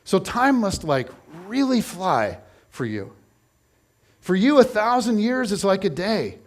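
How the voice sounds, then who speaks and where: Chatty, high-voiced male pastor. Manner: conversational and animated, with quick asides and restarts. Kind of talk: sermon.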